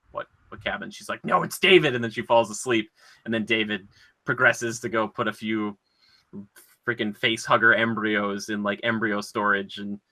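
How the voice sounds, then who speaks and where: A man co-hosting a casual podcast, retelling scenes in an animated, rambling way with lots of filler words. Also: on the low side. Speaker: podcast co-host.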